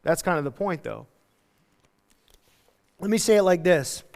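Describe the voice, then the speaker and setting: A male pastor preaching a casual, animated sermon, acting out quotes as he goes. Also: high-pitched, a little slow, vocal fry, in a large hall. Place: church hall.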